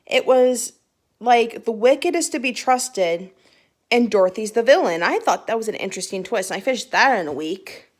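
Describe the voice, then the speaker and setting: A young book vlogger chats casually to her phone camera at a normal speed, her voice high-leaning and animated. Giggly and rambling, she restarts sentences as she talks about books she has read.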